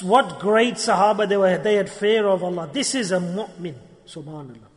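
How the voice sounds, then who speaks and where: A man giving an animated storytelling sermon at a gathering, acting out dialogue and using Arabic religious terms. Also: sits high, moderate pace. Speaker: preacher. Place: gathering hall. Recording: long hall reverb.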